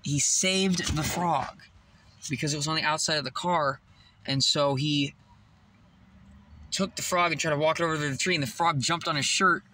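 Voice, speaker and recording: A young man vlogging outdoors beside his car, telling a rambling, excitable story and swearing freely. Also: on the high side, fairly quick, pauses often, slight background noise. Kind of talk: casual vlog storytelling. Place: outdoors by a tree near his parked car.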